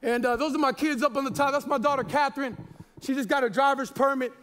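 Man in his forties, very high voice, pastor preaching in a loose, jokey, stumbling way. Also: fairly even intonation, fast talker, fairly bright tone. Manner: chatty and jokey, with many repeated words and fillers. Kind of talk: sermon.

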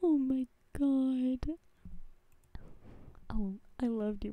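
A woman's voice: mid-range voice, animated, measured pace, a little mellow, no room sound. A woman streaming a survival game live, reacting dramatically to her chat with gasps, squeals and swearing. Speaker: Twitch streamer.

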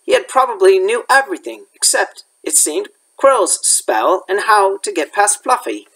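A man's voice: sits high, animated, moderate pace, creaky, few pauses, bright, forceful tone, low-quality recording. A male elementary school teacher reading a chapter book aloud, with occasional slips he corrects.

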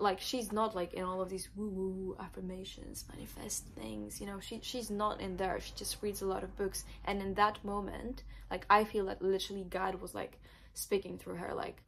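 Creaky-voiced young woman telling a personal story. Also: mid-range voice, a little hiss or hum. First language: not English. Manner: emotional, many "like" fillers, confessional. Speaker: vlogger.

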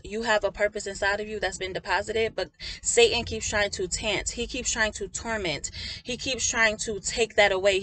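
Woman minister, raspy and tired, bright edge to the voice, fervent casual preaching, calls listeners family. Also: mid-range voice. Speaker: prophetic minister. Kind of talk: preaching to an online audience.

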